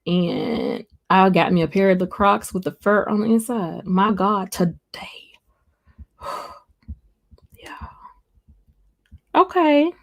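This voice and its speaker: A young woman with a Southern accent talks casually to her livestream audience, greeting viewers and laughing as she goes. Her mid-range voice carries a noticeable creaky rasp. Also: mid-range voice, big pitch swings, slow pace, long pauses. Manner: chatty, reads viewer comments aloud, laughs often. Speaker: livestream host.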